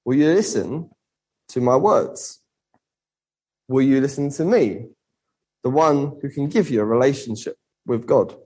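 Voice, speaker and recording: An earnest man preaches a sermon and reads scripture aloud, with a mid-range voice. He poses rhetorical questions and slows down on key words. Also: medium pitch, mellow, low-quality recording. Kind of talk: sermon with Bible reading.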